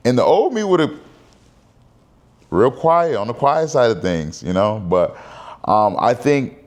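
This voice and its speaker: A man's voice: fairly low pitch, very animated, measured pace, a little mellow. A man in his thirties talking candidly to camera in a casual personal vlog, rambling and conversational. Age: 30s. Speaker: vlogger.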